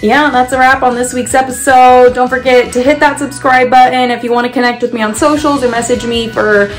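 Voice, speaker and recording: Young woman vlogger from California, bright higher voice, playful and chatty, soft music under her. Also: steady tone, brisk, low-quality recording. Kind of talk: casual vlog chat.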